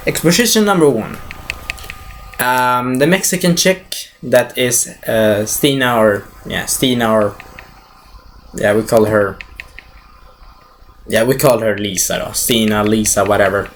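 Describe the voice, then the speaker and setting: Retelling a film in a loose, meandering way, this movie reviewer swears freely, performs the scenes, and keeps restarting and correcting himself. His mid-range voice is animated but a little slow, with frequent pauses and slight background noise.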